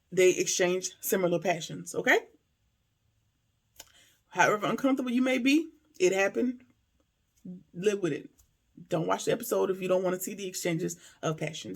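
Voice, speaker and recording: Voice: mid-range voice, vocal fry. A TV episode reviewer giving a casual recap and commentary, emphatic and talking straight to viewers with rhetorical questions.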